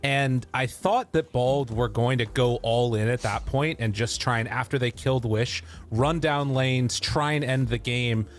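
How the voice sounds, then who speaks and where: A man's voice: medium pitch, fairly even intonation, measured pace, hardly any pauses. A man working as an esports caster, thinking aloud with fillers in a panel discussion.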